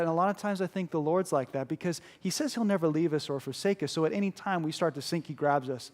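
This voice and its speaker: A man's voice: fairly high pitch, brisk. A man preaching a sermon in an earnest, emphatic way, repeating key phrases for weight.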